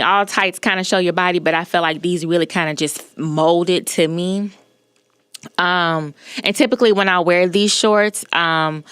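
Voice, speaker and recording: A woman hosting a podcast, telling a personal story in an emphatic, animated way and often checking in with the listener. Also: fairly low pitch, clean tone, no echo. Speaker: podcast host.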